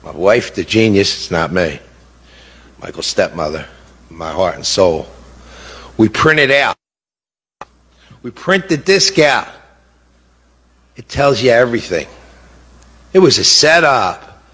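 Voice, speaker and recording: A man's voice: on the low side, lively intonation, slow, long pauses, a bit bright, breathy edge. A middle-aged man speaking as a bereaved father, giving impassioned testimony. He sounds indignant and repeats words for emphasis. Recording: long hall reverb.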